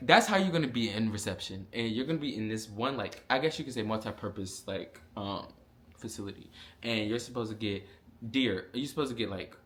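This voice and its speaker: A young man, telling a casual storytime vlog with lots of fillers and animated asides. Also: fairly low pitch. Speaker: vlogger.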